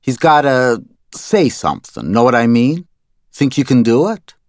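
A man's voice: medium pitch, sing-song, measured pace, darkish tone, no room sound, clean studio sound, voice pushed up. A man voicing a pushy middle-aged male recording producer who talks in a brusque, demanding way. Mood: coaxing.

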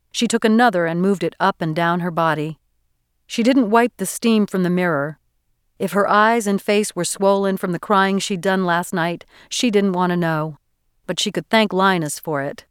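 Smooth low-voiced woman reading a novel. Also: no echo, clean studio sound. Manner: measured, even storytelling delivery. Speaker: audiobook narrator. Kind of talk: scripted narration.

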